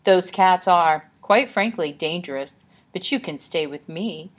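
A woman reading aloud, voicing a genteel, secretive ghost lady from a painting who speaks in a soft, prim, old-fashioned way. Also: fairly low pitch, a little slow. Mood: gracious.

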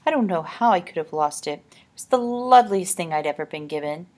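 A woman reading aloud, voicing a genteel, secretive ghost lady from a painting who speaks in a soft, prim, old-fashioned way. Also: fairly low pitch, lively intonation, a little fast. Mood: wistful.

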